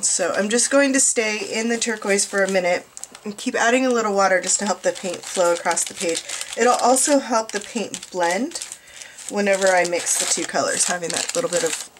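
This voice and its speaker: A woman's voice: mid-range voice, moderate pace, a little hiss or hum. A middle-aged woman from the United States, teaching art journaling in a chatty, rambling way with self-mocking asides. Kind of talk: casual craft tutorial narration.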